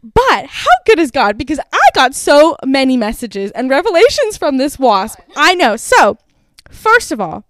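A young woman in her twenties hosting a podcast, telling a story in a lively rush full of fillers. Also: high-pitched, a little slow, no room sound, studio quality. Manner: animated, breathless, full of "like" fillers. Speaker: podcast host. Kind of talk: casual storytelling.

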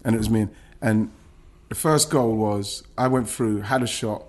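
A man's voice: fairly low pitch, moderate pace, a little mellow. A man, a former footballer, recounting his career in an emotional podcast interview, with many restarts and some swearing.

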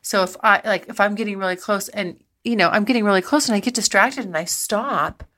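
A woman's voice: mid-range voice, brisk, a bit bright. A woman, middle-aged, hosting a podcast and telling frank personal stories in a rambling, breathless way, laughing often. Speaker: podcast host. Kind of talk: candid personal storytelling.

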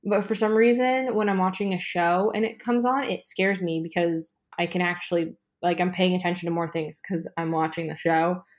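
Excitable swearing woman podcast host. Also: on the low side, moderate pace, hardly any pauses. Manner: swears freely, excitable and rambling. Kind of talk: casual chat. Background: ice maker noise from a fridge.

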